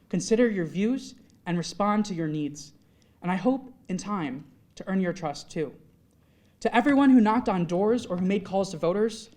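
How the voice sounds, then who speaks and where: A man's voice: high voice, a little mellow. A young man from Michigan giving a heartfelt, formal speech at a swearing-in ceremony before a live audience in a large hall. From Michigan, USA. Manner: earnest, heartfelt delivery with long lists of thanks. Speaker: newly elected state legislator.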